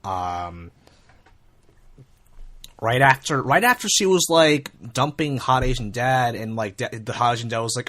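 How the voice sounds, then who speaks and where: A man co-hosting a podcast in casual chat, chatty and quick to agree with short replies. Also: medium pitch, expressive, a bit bright. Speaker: podcast co-host.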